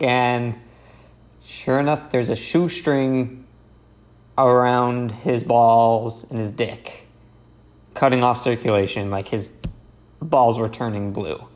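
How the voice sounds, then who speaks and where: A young man, a paramedic, casually telling a story in a slow, halting way with many fillers and restarts. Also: medium pitch, a little mellow.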